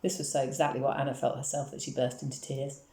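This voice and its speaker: A woman reading a children's novel aloud with steady, expressive storytelling. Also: a bass voice, fast talker. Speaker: reader. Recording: echoey room.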